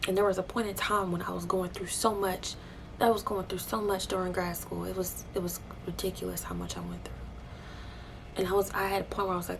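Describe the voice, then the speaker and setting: A young woman telling a personal faith testimony, emotional and animated, dropping into breathy hushed asides. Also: lowish voice, a little fast, background noise. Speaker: vlogger sharing a faith testimony.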